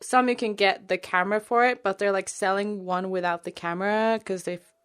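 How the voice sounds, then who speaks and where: A woman's voice: medium pitch, fairly even intonation, fairly quick, a bit bright, clean tone. Chatty woman podcaster. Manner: chatty and rambling, with frequent fillers. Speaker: podcast co-host. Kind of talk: casual podcast chat.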